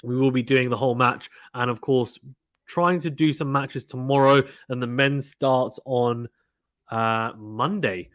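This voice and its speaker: A man's voice: medium pitch, steady tone, unhurried, fairly bright tone, no echo, clean studio sound. Chatty man streaming tennis. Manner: chatty, repeats himself, talks to chat viewers. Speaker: live stream commentator. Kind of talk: casual play-by-play watchalong chat.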